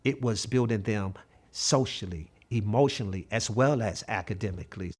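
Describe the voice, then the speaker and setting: A man's voice: fairly low pitch, normal speed, darkish tone. A man in his fifties, a math coach, telling stories in an interview in an earnest way and acting out the dialogue. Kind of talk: interview storytelling.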